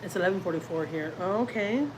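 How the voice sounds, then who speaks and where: A woman's voice: on the low side, fast, background noise. A woman chatting casually with viewers on a livestream from home, rambling and teasing herself as she reads their comments. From Houston, Texas. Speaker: family vlogger hosting a livestream. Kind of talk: casual livestream chat, reading comments aloud.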